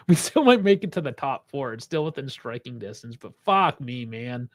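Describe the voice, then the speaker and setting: A man's voice: medium pitch, big pitch swings, moderate pace. A man giving live fan reaction to a football match, angry and frustrated, swearing heavily as he rants about the coach's choices.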